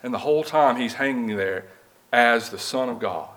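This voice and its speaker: A man's voice: medium pitch, moderate pace, fairly bright tone. A man preaching a sermon in a church, reading scripture and asking the congregation rhetorical questions in an earnest, conversational way. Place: church building.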